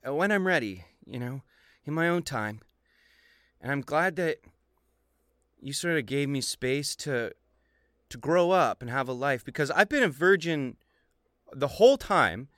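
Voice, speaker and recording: A man playing a tabletop game in character, talking in a joking, rambling, deadpan way. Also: a little high, unhurried, pauses often, no room sound, studio quality. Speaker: player.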